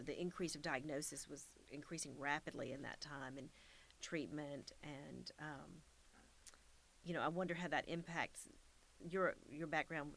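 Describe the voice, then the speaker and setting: A woman's voice: deep voice, creaky, a little hiss or hum. A woman interviewing a guest for an oral history project, attentive and thoughtful in her questions. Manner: attentive, frequent soft backchannels.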